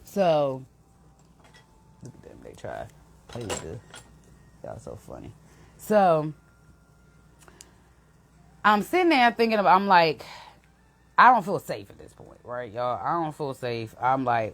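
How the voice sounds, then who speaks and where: A young woman, an intuitive reader, telling an emotional story to her viewers in a casual, animated way. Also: extremely low pitch, measured pace, long pauses, slight background noise.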